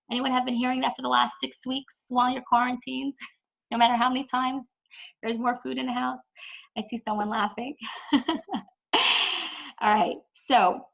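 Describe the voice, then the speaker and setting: A woman's voice: medium pitch, creaky, fairly bright tone, poor audio. A woman teaching an online parenting lesson in a chatty way, often saying "like" and acting out whiny kids. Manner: chatty, says "like" a lot, acts out whiny kids.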